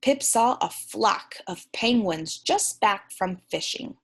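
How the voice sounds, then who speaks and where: Slow, gentle woman teacher reading aloud. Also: medium pitch, creaky. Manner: slow, gentle and encouraging, with questions to the class. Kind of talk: reading a picture book aloud to young students.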